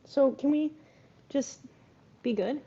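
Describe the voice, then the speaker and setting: A woman's voice: high-pitched, takes it slowly, dark tone, muffled recording. A woman hosting a casual live stream, chatting and coaxing her pets in between bits of play-by-play.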